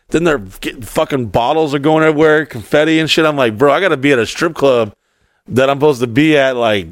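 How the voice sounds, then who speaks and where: A man's voice: medium pitch, no room sound. A man co-hosting a podcast, telling a story in a rambling, profane way with lots of fillers. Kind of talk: casual storytelling.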